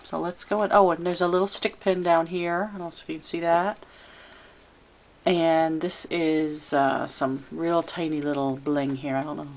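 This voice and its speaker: A woman giving a chatty, relaxed show-and-tell of a handmade craft piece, filming it herself. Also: sits low, normal speed. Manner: chatty and relaxed, with fillers and little asides. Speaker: crafter showing her handmade album. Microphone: camera she handles while filming.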